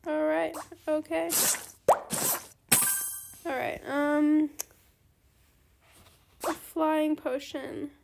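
High, gravelly-voiced woman gaming host. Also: very slow, long pauses, noisy background. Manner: chatty, excitable, polite. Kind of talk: casual gameplay commentary.

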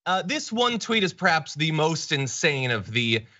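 A man hosting an online political talk show, mocking quotes with deadpan sarcasm. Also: a little high, slow, few pauses, lo-fi sound. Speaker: show host.

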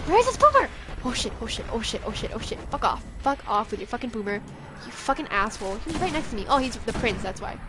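A woman's voice: fairly high pitch, fast, background noise. A young woman streaming a game, giving frantic, profane, jittery commentary.

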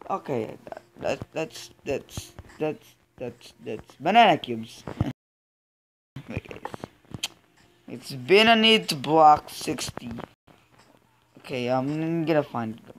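An excitable gamer narrates a let's play in a loose, casual way, often tripping over repeated words. The voice leaps all over its range with every sudden outburst, yet the talk overall moves at an unhurried pace. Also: mid-range voice, vocal fry, slight background noise. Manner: excitable, blurts out exclamations and stammers repeats. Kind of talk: casual gaming commentary.

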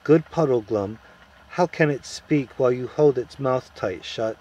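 A man's voice: mid-range voice, measured pace, warm tone, slightly rough, muffled recording. A man reading the lines of a noble young prince, formal and stern in his commands.

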